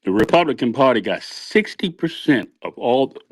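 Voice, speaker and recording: A man's voice: medium pitch, lively intonation, normal speed, no room sound. A man speaking up as a caller in a live audio room, making an emphatic political point. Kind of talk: casual political talk.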